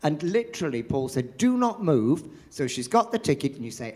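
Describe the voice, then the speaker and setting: A man's voice: on the high side, fairly quick, hardly any pauses. An older man, a veteran pantomime performer, telling theatre stories in an interview and acting out the voices he quotes. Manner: animated storyteller, acts out quoted voices. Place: theatre after a show.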